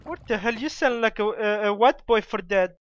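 The gamer's voice sits high and sounds a bit bright, moving at a moderate pace. He chats casually in broken English during a game, sticking a stock phrase on the end of sentences and exchanging playful jabs, over slightly dull audio with faint noise.

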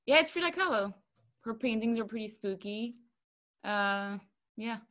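A woman's voice: fairly high pitch, expressive, measured pace, fairly bright tone. Chatty young woman from Luxembourg. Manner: chatty, loose, trailing fillers. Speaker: quiz round host. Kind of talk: casual online quiz chat.

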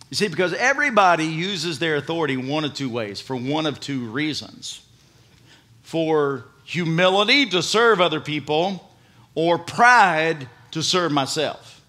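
A male pastor preaching a sermon, swinging between loud emphasis and hushed earnestness as he reads and explains scripture. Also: a little high.

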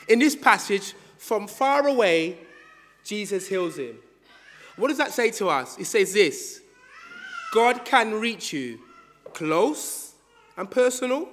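High-voiced preacher in a reverberant church. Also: male voice. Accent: British. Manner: call-and-response, animated storytelling. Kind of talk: sermon with a children's story. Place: church hall.

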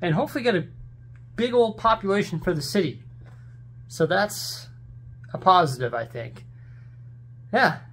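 A man's voice: sits high, sing-song, moderate pace, pauses often, a bit bright, breathy edge. A man vlogging at home, talking casually and rambling with lots of fillers as he sorts and shows his things. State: out of breath. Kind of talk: casual vlog chat. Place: house, rooms and stairs.

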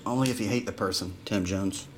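A man's voice: low voice, brisk, a little hiss or hum. A man hosting a live card break in a casual way, calling out player names as he opens packs. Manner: rattles off player names while opening packs.

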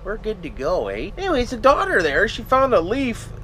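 A man's voice: high-pitched, huge pitch swings, normal speed. A man with a Canadian accent chatting casually as he walks outdoors by a river, filming a vlog and tagging his lines with folksy slang. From Ontario, Canada. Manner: folksy, tags lines with "eh" and "frig". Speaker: vlogger. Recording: loud wind noise on the mic.

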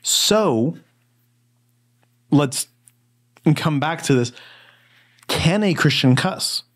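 A man's voice: a little high, very slow. A man co-hosting a Bible study podcast, talking in a casual, rambling way with lots of fillers. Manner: relaxed, rambling storyteller with many fillers. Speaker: podcast co-host.

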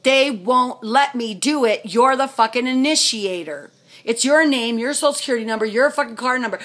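Pissed off middle-aged woman, husky highish voice, swearing nonstop, ranting. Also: a bit bright. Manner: furious, profane, rapid-fire questions. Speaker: vlogger. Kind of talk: angry rant to camera.

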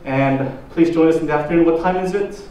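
A man's voice: fairly high pitch, warm tone. Man preaching in an echoey church hall. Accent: Korean. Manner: slow, drawn-out questions to the congregation. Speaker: pastor. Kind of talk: sermon. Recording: roomy echo, distant mic, faint noise.

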